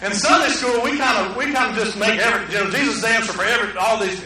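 A man's voice: high voice, rapid-fire, far from the mic, heavy background noise. A male pastor, preaching a sermon in folksy storytelling style, acting out quotes. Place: church sanctuary. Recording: echoey hall, preacher away from mic.

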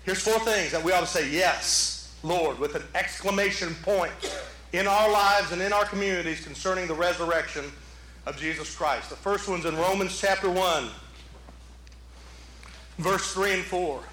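A man preaching a sermon as pastor, animated, rising to shouts and dropping into playful asides. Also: sits high, moderate pace, reverberant, a little hiss or hum, low-quality recording. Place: church sanctuary.

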